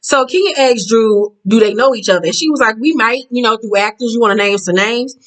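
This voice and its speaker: A woman recapping a reality show in blunt, profane, catty casual talk, jumping up in pitch as she acts out quotes. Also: a little fast, rough recording.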